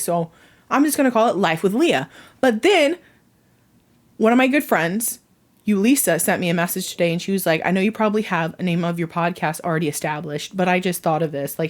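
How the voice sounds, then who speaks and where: Woman, casual home podcast, rambling, self-mocking, mid pitch. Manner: chatty, laughs at own jokes, rambling. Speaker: podcast host. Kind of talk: casual chat.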